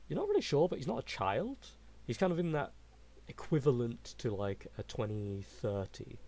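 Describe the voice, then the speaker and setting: A man running a tabletop game, narrating in a loose, chatty way with plenty of "like" and restarts. His voice sits at an ordinary medium pitch. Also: wildly swooping pitch, moderate pace, mellow, slight background noise. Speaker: game master.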